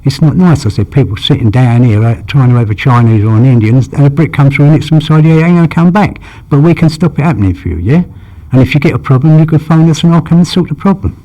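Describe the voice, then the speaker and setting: A man's voice: mid-range voice, quick pace, dark tone. An older man, telling long stories about his past in a rambling way and acting out the dialogue. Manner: rambling, acts out quoted dialogue, frequent "you know". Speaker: interviewee. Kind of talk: anecdotal storytelling.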